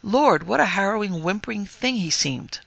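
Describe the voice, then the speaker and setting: A man voicing a wry gentleman who tells his own ghost encounter in an animated, emphatic way. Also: sits high, moderate pace, creaky, no room sound, voice pushed up, exaggerated voice.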